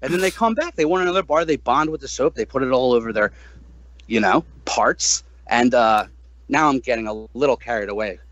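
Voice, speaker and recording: A man in his thirties, a guest musician in a casual podcast interview, talking animatedly, swearing freely and jumping up high when he quotes himself. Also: lively intonation, fairly quick, fairly bright tone, dry recording, rough recording.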